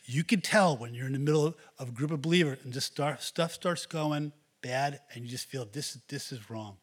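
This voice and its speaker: A husky-voiced man preaches a sermon from the pulpit. He presses earnestly on his congregation, urging them on line after line. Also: mid-range voice, normal speed. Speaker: pastor.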